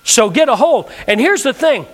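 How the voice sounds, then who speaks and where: A man's voice: very high voice, sing-song, moderate pace, fairly bright tone. A male pastor preaching a sermon, leading the congregation in call-and-response with emphatic delivery. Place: church sanctuary.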